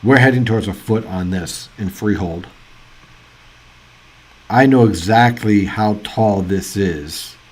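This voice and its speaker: A man hosting live weather coverage, chatty and excitable, thinking out loud as reports come in. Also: lowish voice, slow pace, pauses often. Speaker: weather livestream host. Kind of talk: casual live weather commentary.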